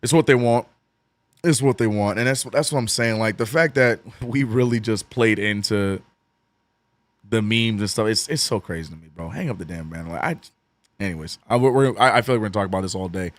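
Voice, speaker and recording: A man with a New Orleans accent and a cracking, hoarse voice, calling a game as a fan streamer and chatting with his viewers. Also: brisk, dry recording. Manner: swings from excited calls to low, mumbled chat with viewers. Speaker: streamer doing fan play-by-play. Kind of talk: watch-along play-by-play and chat.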